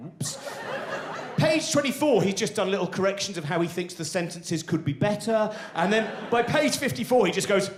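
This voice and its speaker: Excitable man doing stand-up in a theatre. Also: high-pitched, moderate pace, noisy background. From England. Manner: excitable, rambling, acts out inner voices. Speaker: stand-up comedian. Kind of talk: live stand-up comedy. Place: large theatre stage. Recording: roomy live theatre sound. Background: audience laughter.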